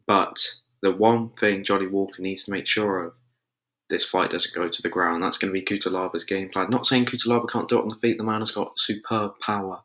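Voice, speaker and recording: A man with a deep voice talks through fight predictions as the host of a casual show. He chats loosely and thinks aloud, and his tone is bright and forceful. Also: steady tone, brisk.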